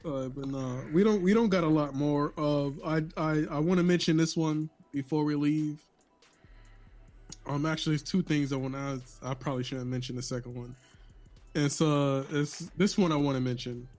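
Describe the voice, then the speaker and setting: Profane, laughing New York man, slightly high. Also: normal speed, a little mellow, soft background music. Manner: loose, profane, laughing storyteller with many restarts. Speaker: podcast co-host. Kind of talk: casual podcast chat.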